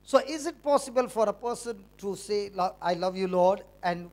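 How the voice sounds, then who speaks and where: A man's voice: sits high, animated, moderate pace. A man preaching a conversational sermon to a church meeting, teasing the congregation with questions.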